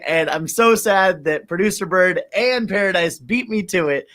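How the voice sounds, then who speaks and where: A man's voice: high-pitched, normal speed, hardly any pauses, sharp tone. A man giving loose, profane feedback on a song, with laughs between points. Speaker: music reviewer. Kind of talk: casual review chat.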